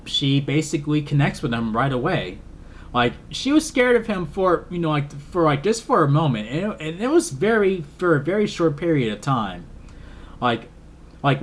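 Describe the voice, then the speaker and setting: A man's voice: fairly high pitch, a little hiss or hum. A man casually reviewing a movie, rambling, repeating himself and laughing often. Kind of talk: casual film review vlog.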